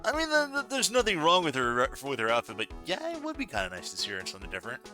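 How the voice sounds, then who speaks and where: A man's voice: a little high, huge pitch swings, racing, over music. A man chatting casually while playing a game, stammering and repeating himself, laughing and swearing.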